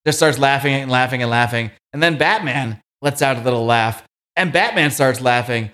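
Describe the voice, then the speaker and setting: A man co-hosting a podcast, recapping a comic book in an animated, casual way, now and then swearing. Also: mid-range voice, fairly quick. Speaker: podcast co-host.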